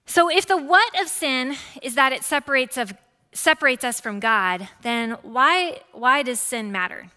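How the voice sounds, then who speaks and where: A woman in her forties preaching a sermon as pastor, lively and conversational, with frequent asides to the congregation. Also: high-pitched, a little slow. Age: 40s. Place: church sanctuary. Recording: church hall with long reverb.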